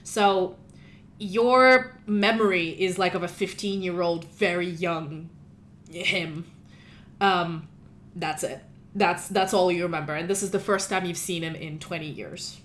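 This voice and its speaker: A woman narrating as game master of a tabletop role-playing game, chatty and animated. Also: on the low side, measured pace, slight background noise.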